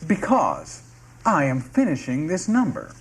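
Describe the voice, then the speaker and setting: A man's voice: fairly high pitch, wildly swooping pitch, unhurried, a little hiss or hum, full character voice, poor audio. A man playing a fussy, indignant office worker in his fifties, asking pedantic, exasperated questions in a comedy script reading. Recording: music playing underneath.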